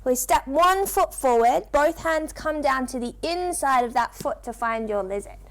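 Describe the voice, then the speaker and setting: A woman's voice: high-pitched, expressive. A woman guiding children through a yoga story, playful and encouraging, asking them questions and drawing out her instructions. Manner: slow, drawn-out instructions. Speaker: kids yoga teacher.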